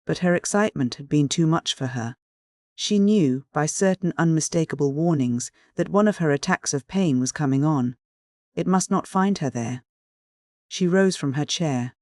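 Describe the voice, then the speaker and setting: An audiobook narrator reading a classic novel in a measured storytelling manner. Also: medium pitch, darkish tone, no room sound, studio quality. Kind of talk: scripted narration.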